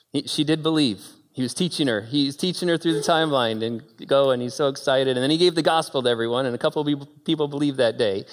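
A man preaching a sermon, moving between quiet storytelling and loud, high-pitched exclaiming. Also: fairly quick, in a large hall. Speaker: pastor.

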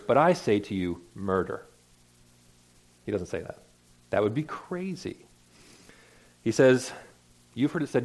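A man preaching a sermon in an earnest, conversational way, often restarting his words. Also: medium pitch. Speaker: pastor.

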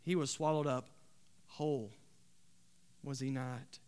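A man preaching a sermon, building to loud emphatic swells and dropping to quiet, earnest tones. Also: medium pitch, steady tone, slow pace, clean tone. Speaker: pastor.

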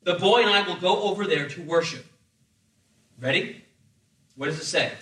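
A man preaching a sermon in an animated, humorous way, acting out voices as he tells the story. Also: high-pitched, moderate pace, echoey room, distant mic, low-quality recording. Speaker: pastor.

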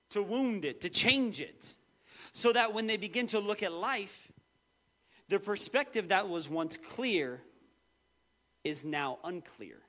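A man in his thirties preaching a sermon, telling personal stories with lively, acted-out quotes. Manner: animated storytelling, quoting voices with big pitch jumps. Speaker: pastor.

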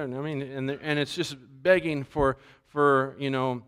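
A man pastor preaching a sermon, animated and acting out the voices he quotes. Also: mid-range voice, normal speed, hardly any pauses, clean tone.

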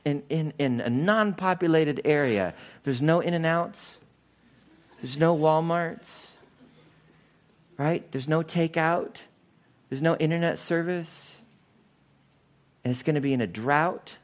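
Animated preacher, man. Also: a little high. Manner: animated, questions the congregation and acts out voices. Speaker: pastor. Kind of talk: lively teaching sermon.

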